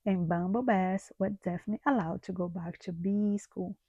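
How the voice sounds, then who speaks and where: A woman reading a children's story aloud in a slow, gentle storytelling manner. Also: mid-range voice, steady tone, slightly rough, dry recording, dull audio.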